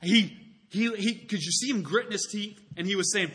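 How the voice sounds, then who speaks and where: A man preaching a sermon, animated and acting out the voices in the story. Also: high voice, brisk, slightly rough. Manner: animated, acts out quoted voices. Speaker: pastor.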